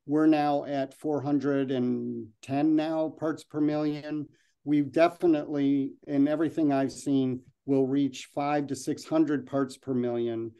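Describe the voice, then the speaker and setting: A man's voice: fairly high pitch, level tone, a little slow, mellow, clear, resonant tone. A man giving a slide presentation and then answering questions, talking loosely with frequent ums and restarts.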